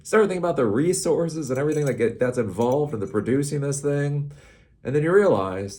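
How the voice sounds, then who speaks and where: A man's voice: on the high side, expressive, fairly quick, mellow. A middle-aged man hosting a casual, rambling tech commentary show, sarcastic and laughing at his own jokes.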